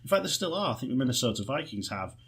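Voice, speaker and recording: A man co-hosting a podcast, chatting in a lively, enthusiastic way and telling anecdotes. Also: mid-range voice, rapid-fire, husky. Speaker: podcast co-host. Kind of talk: casual chat.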